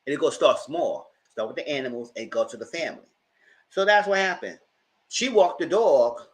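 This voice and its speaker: Animated man recapping a TV episode. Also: fairly high pitch, normal speed. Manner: animated, dramatic storytelling with slang asides; colorful and heated, swears in his commentary. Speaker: TV reviewer and channel host.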